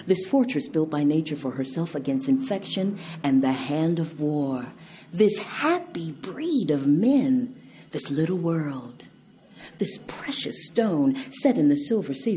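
A woman reciting classical verse in a measured, declamatory way. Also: low voice, mellow. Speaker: performer. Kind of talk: dramatic recitation.

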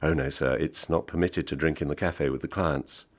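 A man reading aloud voices a young Swiss waitress in a station cafe, formal and polite, whose English is a foreign tongue, in a husky, creaky, deep voice. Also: fairly even intonation, normal speed, full character voice. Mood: politely refusing. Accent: speaks English as a foreign tongue. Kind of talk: audiobook reading.

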